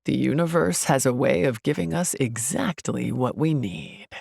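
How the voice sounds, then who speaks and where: Woman voicing a low, gentle young man. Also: animated, normal speed, dry recording, studio quality, full character voice. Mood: warm. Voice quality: low and gravelly. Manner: gentle and caring. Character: young male friend, low-voiced and kind.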